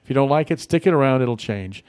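A man's voice: mid-range voice, expressive, fast, darkish tone, clear, resonant tone, no room sound, studio quality. A man hosting a casual local radio talk show, rambling and friendly with many fillers and restarts. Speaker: radio host. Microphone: studio mic.

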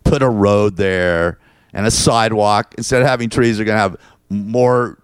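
A man's voice: lowish voice, normal speed, clear, resonant tone, dry recording, clean studio sound. A man hosting his own show, venting in a rambling, repetitive, frustrated monologue. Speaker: show host.

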